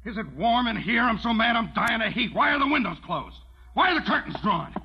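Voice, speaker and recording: A man's voice: extremely high pitch, animated, brisk, noisy background. A man playing a hot-tempered, broke rancher in an old film, blustering. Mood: fuming. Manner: blustering, ranting, mock-pathetic. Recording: dull old film soundtrack.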